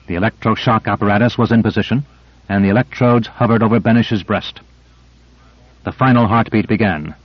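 Male audiobook narrator, steady measured read, dry dull lo-fi sound. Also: on the low side, no room sound. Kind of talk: scripted narration.

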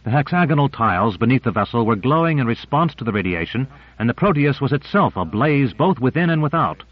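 Male narrator for a novel, steady descriptive read, middle voice, dull lo-fi audio. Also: mid-range voice, brisk, dry recording. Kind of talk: scripted narration. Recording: muffled lo-fi recording.

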